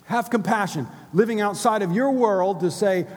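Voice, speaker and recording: Male pastor, fairly high voice, animated sermon delivery, long hall reverb. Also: moderate pace. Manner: animated, emphatic, asks the room questions. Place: church hall with a congregation.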